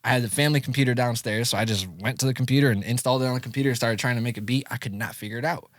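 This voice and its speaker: A man's voice: racing, dry recording, clean studio sound. A man in his thirties from Syracuse, New York, a music producer telling his story in a casual podcast interview, acting out old conversations with big jumps in his voice. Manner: animated storyteller, acts out quoted dialogue with big pitch jumps. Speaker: music producer and engineer, guest.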